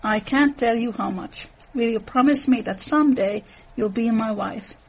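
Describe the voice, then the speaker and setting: A woman reading aloud the lines of an earnest young man who proposes and is hurt, in her husky voice. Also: fairly high pitch, normal speed, darkish tone, low-quality recording. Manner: read aloud from a novel.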